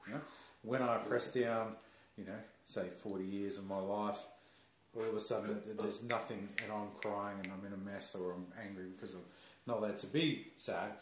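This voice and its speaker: A man calmly explaining ideas in a measured, teacher-like way during a casual talk. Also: lowish voice, slight background noise. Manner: calm, slow, explaining like a teacher. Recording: roomy echo.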